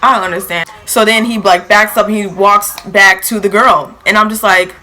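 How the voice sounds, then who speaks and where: A young woman telling a storytime vlog in a lively, filler-heavy way, acting out quotes, with features. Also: medium pitch, moderate pace, faint music behind, low-quality recording. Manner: animated, filler-heavy retelling with acted quotes. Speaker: vlogger.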